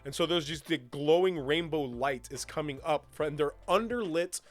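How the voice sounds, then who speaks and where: A man co-hosting a podcast, talking in an enthusiastic, animated way and laughing often. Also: on the high side, normal speed, soft background music. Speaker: podcast co-host. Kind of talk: casual chat.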